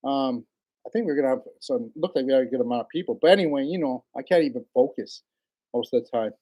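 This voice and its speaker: A man's voice: medium pitch, quick pace, mellow. A man hosting a casual livestream, rambling in a laid-back way, greeting viewers by name and laughing often. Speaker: livestream host.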